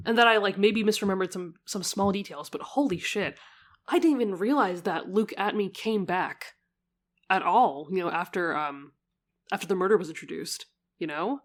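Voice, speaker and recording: A young woman commenting casually on a game she is playing, excitable and swearing freely. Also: medium pitch. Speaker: let's play host.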